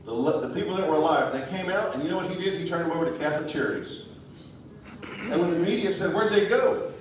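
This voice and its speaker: A man's voice: a little high, fast talker, background noise. A man giving a folksy, joking, rousing campaign speech to a crowd in a church hall. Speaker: political candidate. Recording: echoey hall, distant mic.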